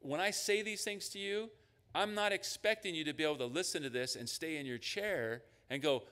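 A man preaching a sermon as a pastor. He talks in an animated way and acts out the voices of God and his listeners. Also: fairly high pitch, fairly quick, long reverb tail. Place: church sanctuary.

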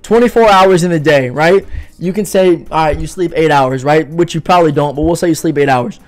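With soft music playing in the background, a young livestream host rambles and jokes while responding to chat messages. His voice is on the high side and fairly quick, and he leans heavily on "bro" and "you know what I mean."

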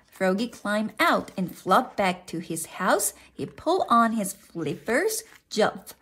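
Woman reader, picture book read-aloud, slow, lively, fairly high voice. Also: a little hiss or hum. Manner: slow, expressive read-aloud with sound effects. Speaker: storybook reader.

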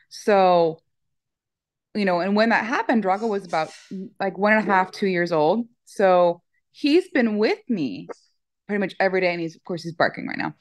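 A middle-aged woman chatting in an interview, telling animated stories with lots of fillers. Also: mid-range voice, no echo. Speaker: dog owner guest. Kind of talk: casual interview chat.

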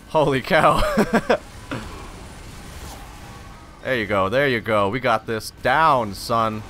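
A man giving live gameplay commentary, frustrated and ranting, sometimes breaking into loud shouts. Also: medium pitch, expressive, takes it slowly, pauses often, a little hiss or hum. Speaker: gamer recording gameplay commentary.

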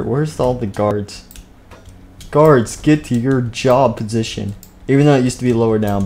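A man's voice: mid-range voice, warm tone. Playful man narrating a game stream. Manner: playful, jumps between narration and silly character voices. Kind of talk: live-stream play narration with voiced characters.

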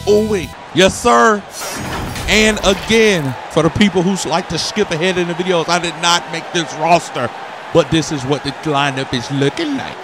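Brief: young guy, gaming host, casual slang, gets loud on highlights, music in the background. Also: normal speed. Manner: hyped, hollers and laughs at big plays. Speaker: gaming YouTuber. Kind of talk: excited gameplay commentary. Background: game music.

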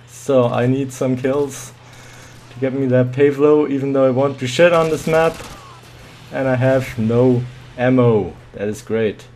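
Profane muttering man at a slow pace. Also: mid-range voice, darkish tone, slight background noise. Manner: profane, muttering, with sudden yelps. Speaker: gamer commentating his own match. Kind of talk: live gameplay commentary.

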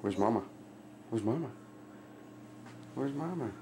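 A man at home gently asking his toddler simple questions again and again, in playful talk. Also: mid-range voice, expressive, a little slow, creaky, noisy background. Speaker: father talking to his toddler.

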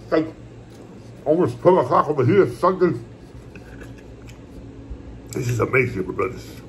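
A man in a casual home eating vlog, rambling along in a relaxed, repetitive way as he talks to his viewers. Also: mid-range voice, normal speed, slight background noise. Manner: laid-back, rambling, repeats "my brothers" and "puppy". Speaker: mukbang vlogger. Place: at home, indoors.

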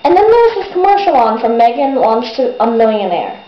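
Teen girl ranting at her webcam, kinda high voice, echoey bedroom, muffled audio. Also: a little fast. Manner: animated, exasperated ranting with mocking voices. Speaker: vlogger. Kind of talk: casual ranting vlog. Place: bedroom at a desk. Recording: echoey, dull webcam audio with faint hiss.

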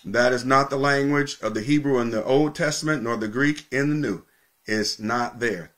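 A male pastor preaching a sermon, teaching with emphatic repetition and slowing down to stress key points. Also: medium pitch, a bit bright.

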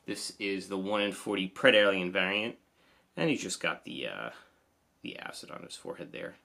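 A man's voice: sits low, lively intonation, normal speed, creaky, bright, forceful tone. A man with a New Jersey accent casually reviewing toy figures, chatty and enthusiastic. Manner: enthusiastic, chatty, lots of "awesome".

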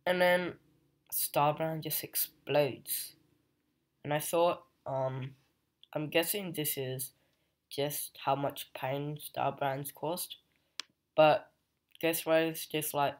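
A young adult reviewer recaps a comic's plot in an unhurried, drawn-out way, stopping often on fillers. The voice stays level and monotone, with little rise or fall, as the speaker walks through the story. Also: medium pitch. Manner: hesitant, many fillers and "just like".

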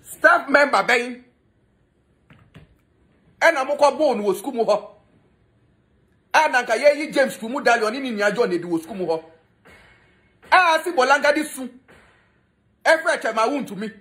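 A man's voice: extremely high pitch, animated, normal speed, pauses often, bright, forceful tone. A man with a Ghanaian accent giving a mocking, scolding gossip commentary that switches between Twi and English. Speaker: entertainment commentator.

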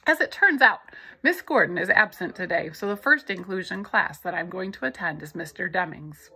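A woman reading a novel aloud in the first person, in a steady storytelling manner. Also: lowish voice, moderate pace, husky, low-quality recording. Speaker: audiobook narrator.

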